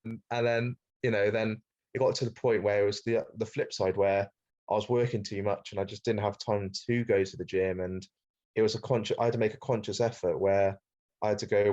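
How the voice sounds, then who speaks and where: A Welsh man with a lowish, fairly monotone voice, chatting casually as a podcast guest. He talks freely, with some restarts, and says "mate" often. The recording sounds dull and lo-fi. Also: brisk. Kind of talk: casual interview chat.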